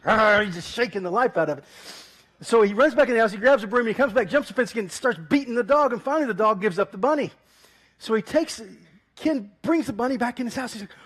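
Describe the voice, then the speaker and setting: A man pastor preaching an animated sermon, telling a story and laughing often. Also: extremely high pitch, fast. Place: church.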